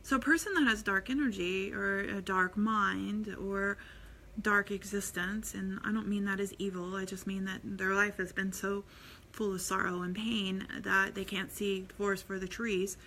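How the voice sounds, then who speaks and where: Middle-aged woman, earnest spiritual vlogger, loose rambling delivery, bright tone. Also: medium pitch, fairly even intonation, normal speed, slight background noise. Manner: rambling, many fillers and restarts, earnest. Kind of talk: casual inspirational talk.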